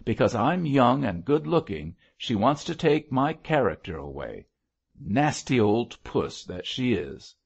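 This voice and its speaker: A man voicing a sharp-tongued young barmaid who answers in a snappy, defiant way, in a storybook reading. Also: medium pitch, sing-song, measured pace, vocal fry, slightly rough, highs cut off, pitched above the performer's own voice, heavily acted.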